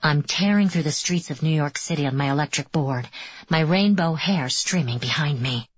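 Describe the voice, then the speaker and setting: A woman narrating an audiobook in the first person, with measured, immersive reading. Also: low-pitched, husky, dry recording, highs cut off.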